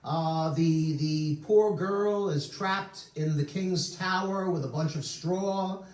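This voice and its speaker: Heard from far off in a roomy synagogue sanctuary, a male rabbi with a fairly high voice preaches slowly. His sermon weaves in stories with humorous asides.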